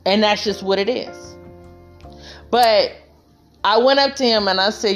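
A woman's voice: medium pitch, a little slow, pauses often, soft background music. A woman vlogging relationship advice in a casual, heartfelt monologue, telling her story emphatically and speaking straight to other women.

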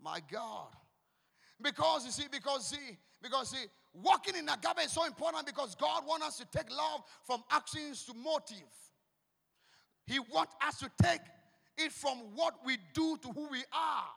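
A man with a Ghanaian English accent, preaching a fiery sermon in church, shouting and repeating declarations. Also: extremely high pitch, lively intonation, moderate pace, creaky. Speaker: pastor. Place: church hall. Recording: long echoing hall.

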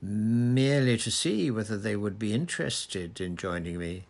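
A man voicing an old male wizard headmaster who speaks calmly, pleasantly and with gentle irony. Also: lowish voice, moderate pace, gravelly. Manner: calm, pleasant, gently ironic.

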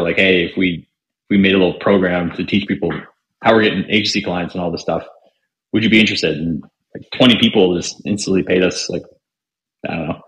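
A man's voice: deep voice, fairly bright tone. A young man, a podcast guest, telling stories casually with lots of fillers and acted-out quotes. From Canada. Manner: chatty, filler-heavy, acts out quoted dialogue. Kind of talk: casual storytelling. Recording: roomy echo.

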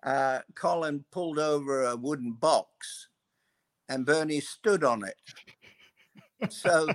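An older man, a guest, telling long anecdotes in an unhurried, loose way, full of pauses and fillers. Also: on the high side, dry recording. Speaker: guest, former racing mechanic. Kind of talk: anecdotal storytelling.

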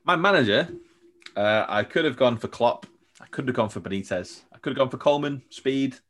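A man's voice: mid-range voice, expressive, fairly quick, a bit bright. A young man telling stories as a podcast guest, chatty and rambling, laughing often. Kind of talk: casual storytelling chat.

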